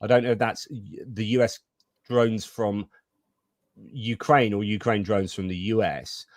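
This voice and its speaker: A man's voice: fairly low pitch, fairly even intonation, measured pace, dry recording, clean studio sound. A man co-hosting a casual live stream, chatting about the news and reading out viewer comments.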